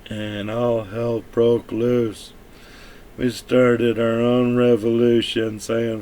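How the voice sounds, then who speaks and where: A man's voice: medium pitch, level tone, takes it slowly, dark tone, a little hiss or hum. A man from the United States talking bluntly and offhandedly in a rambling, profane vlog monologue. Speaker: vlogger.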